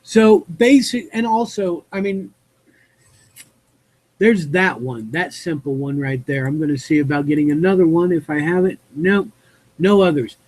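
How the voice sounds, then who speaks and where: Guy reading news on his stream and ranting about it, kinda husky, voice on the higher side, lots of uh's. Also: a little slow, a little mellow, poor audio. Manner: rambling, with fillers and self-corrections. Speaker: streamer hosting a Q&A. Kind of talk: reading news aloud with opinionated commentary.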